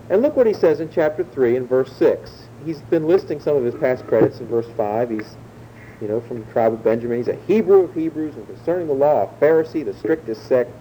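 Male pastor, dark mellow tone, measured verse-by-verse sermon delivery, slight rumble behind. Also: rough recording. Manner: measured teaching, slowing to stress key words.

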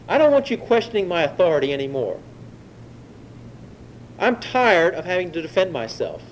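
Animated preacher, man, pitch rising with emphasis. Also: moderate pace, pauses often, slight background noise, low-quality recording. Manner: animated, rising emphasis when quoting scripture. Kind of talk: sermon.

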